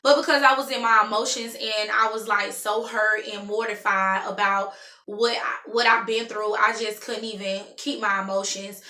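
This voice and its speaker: A woman in her thirties telling a personal story in an emphatic, animated way. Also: medium pitch, normal speed, roomy sound. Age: 30s. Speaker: vlogger.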